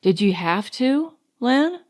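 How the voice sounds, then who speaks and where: A woman's voice: on the high side, very animated, takes it slowly, a little mellow, dry recording. A woman voicing a spirited, impulsive young American woman. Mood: earnest.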